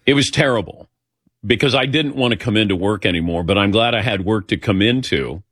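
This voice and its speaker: A middle-aged man with a low voice tells a long personal story on a talk show. He rambles and acts out the quoted dialogue, recorded dry and close to the mic. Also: brisk, a bit bright, no room sound.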